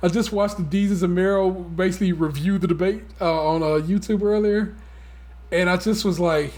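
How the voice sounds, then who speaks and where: Animated, profane man chatting on a podcast. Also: sits high. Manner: animated, profane storytelling with mocking impressions. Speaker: podcast co-host. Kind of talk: casual podcast chat.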